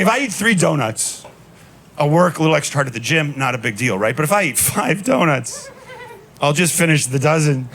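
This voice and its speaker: A man in his thirties doing a stand-up comedy set on a club stage, telling stories in a deadpan way with punchy asides. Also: a little high. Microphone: handheld stage mic. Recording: live club recording with noise. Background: audience laughter.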